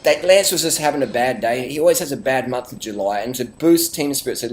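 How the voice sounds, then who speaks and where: A man's voice: mid-range voice, fast, few pauses. Sarcastic Australian man ranting. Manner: deadpan sarcasm, rambling, swears. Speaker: vlogger. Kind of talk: sarcastic satirical rant.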